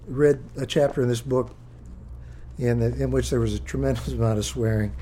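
A man reading from his own book to a live audience, with halting, thinking-aloud asides between passages. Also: mid-range voice, fairly even intonation, mellow, slight background noise.

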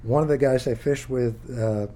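A man reading from his own book to a live audience, with halting, thinking-aloud asides between passages. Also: medium pitch, warm tone.

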